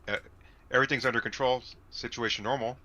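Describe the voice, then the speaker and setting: A man's voice: medium pitch, fairly even intonation, fast talker, bright, forceful tone, highs cut off, natural voice. A man reading as a flustered cocky smuggler. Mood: flustered bluffing. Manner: stammering, hesitant fillers. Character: cocky young male smuggler. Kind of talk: casual script read-through.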